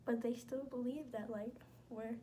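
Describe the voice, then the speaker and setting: A woman's voice: fairly high pitch, fairly even intonation, unhurried, dark tone, slight background noise. A young woman talking casually and bluntly to her viewers, slangy and emphatic. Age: young adult. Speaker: vlogger. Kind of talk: casual chat.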